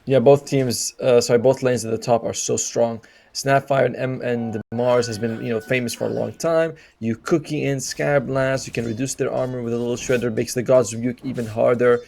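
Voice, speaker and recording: Gravelly male esports co-caster. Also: mid-range voice, fairly even intonation, normal speed, darkish tone. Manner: chatty and analytical, trails into reactions. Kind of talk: live color commentary.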